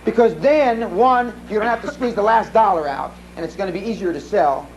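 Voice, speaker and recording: A man's voice: high-pitched, expressive, a little fast, dull audio, slight background noise. A man giving a live seminar talk, telling blunt, profane stories full of restarts. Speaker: seminar speaker. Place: seminar room.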